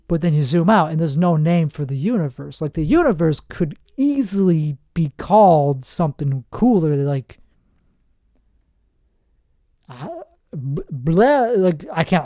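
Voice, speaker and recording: A man's voice: on the high side, warm tone, dry recording, studio quality. A man hosting a podcast in a rambling, self-mocking comedic monologue, trailing off and restarting his sentences. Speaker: podcast host. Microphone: podcast microphone.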